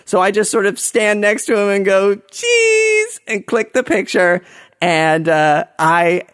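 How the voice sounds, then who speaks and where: A man telling a personal story to an audience in a self-mocking, halting way, with many restarts. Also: high-pitched, fairly even intonation, a bit bright, clean tone, no room sound, clean studio sound.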